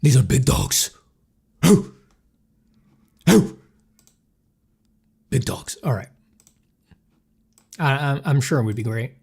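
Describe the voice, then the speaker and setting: A man's voice: mid-range voice, animated, normal speed, creaky, pauses often, darkish tone, breathy edge. Rambling, joking man streaming. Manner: joking, rambling, self-deprecating; thanks supporters, answers chat questions. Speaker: artist streaming while drawing. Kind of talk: casual livestream chat.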